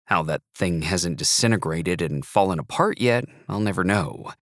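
A man with a low voice reads a first-person novel aloud, wry and measured in his delivery. The recording is dry and close, with no echo at all. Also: animated. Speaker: narrator. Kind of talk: first-person audiobook narration.

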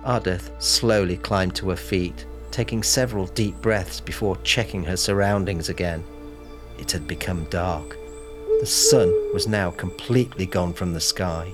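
Deep-voiced male audiobook narrator. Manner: steady, measured storytelling. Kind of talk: scripted narration. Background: music.

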